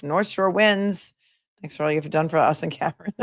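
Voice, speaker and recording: A woman attorney hosting a casual livestream, chatting and reading out viewer comments with quick asides. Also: on the low side, steady tone, no room sound, clean studio sound. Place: home in a remote area.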